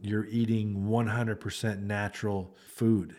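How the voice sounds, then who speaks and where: A man's voice: fairly low pitch, flat delivery, a little slow, darkish tone. A man, a beef rancher hosting a podcast, talking in a casual monologue with an earnest, repetitive, salesman-like manner.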